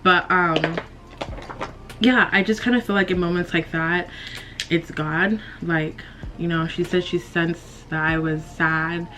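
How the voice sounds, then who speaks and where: This young woman, a beauty vlogger, talks slowly in a lowish voice with fairly even intonation as she does her makeup for a get-ready-with-me chat. She's emotional, nearly crying, sighing and laughing nervously, and the background is noisy.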